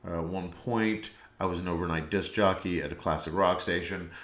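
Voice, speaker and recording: A man with a somewhat low voice hosts a solo podcast in a relaxed, meandering monologue. He rambles from one thought to the next. His voice rings in a roomy, echoey space. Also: brisk. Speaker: podcast host. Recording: echoey room.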